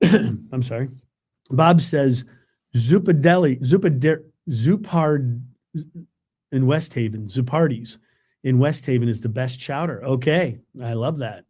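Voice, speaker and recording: A man's voice: mid-range voice, a little slow, a little mellow, husky. Chatty New weatherman rambling. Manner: chatty, rambling, self-deprecating, with frequent fillers. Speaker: TV meteorologist hosting a live webcast. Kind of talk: casual livestream chat reading viewer comments.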